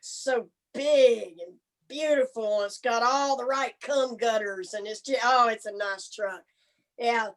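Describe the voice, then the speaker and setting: On a comedy stage, a woman with a fairly high voice performs bawdy stand-up in a brassy, folksy style, taking her time and stretching out her punchlines. The recording quality is low.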